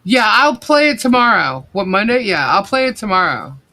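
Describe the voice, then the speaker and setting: A woman's voice: medium pitch, big pitch swings, normal speed, sharp tone. Woman co-host for a casual live chat stream; blunt, rambling delivery with plenty of swearing. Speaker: co-host of a livestream. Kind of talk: casual livestream commentary.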